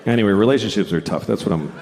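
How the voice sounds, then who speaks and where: A middle-aged man doing a blunt, deadpan stand-up comedy set, often acting out other people's voices. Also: lowish voice. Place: stage before a laughing audience. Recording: live stage recording with audience noise. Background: audience laughter.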